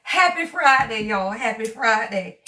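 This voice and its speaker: Woman, thirties, strained hoarse voice, bright tone, playful chatty tarot host, phone mic. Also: a little high, lively intonation, unhurried, low-quality recording. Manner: chatty, playful, talks straight to her viewers. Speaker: tarot reader hosting a live stream. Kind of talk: casual live-stream chat.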